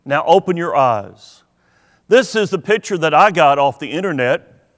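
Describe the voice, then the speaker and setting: A man's voice: fairly high pitch, expressive, normal speed, fairly bright tone. A man preaching a sermon as pastor, telling stories and asking the congregation questions. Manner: storytelling, asks the congregation questions. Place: church sanctuary. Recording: long hall reverb of a church.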